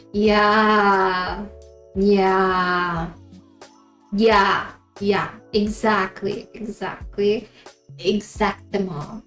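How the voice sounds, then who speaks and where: A woman's voice: mid-range voice, a bit bright. A woman live streamer chatting casually with her viewers, giggling often between remarks. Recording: roomy echo, faint background music.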